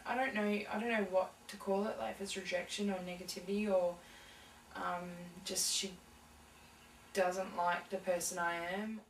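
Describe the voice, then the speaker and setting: A woman's voice: mid-range voice, fairly even intonation, moderate pace, a little hiss or hum. A young adult woman being interviewed, telling her story casually with many fillers and restarts. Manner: hesitant, full of fillers and restarts. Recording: echoey room, mic from a distance.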